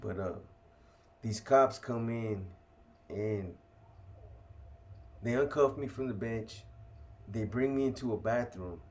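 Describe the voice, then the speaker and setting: A man's voice: medium pitch, takes it slowly, pauses often. A man casually telling a story from his own life, full of street slang and swearing, often tacking "man" onto the end of a sentence. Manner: street slang, heavy cursing, keeps adding "man".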